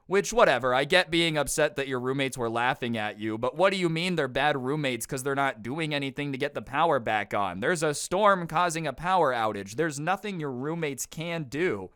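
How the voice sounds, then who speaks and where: A man's voice: on the high side, expressive, fairly quick, hardly any pauses, fairly bright tone, clear, resonant tone. A young man narrating a casual storytime, with exasperated, sarcastic asides.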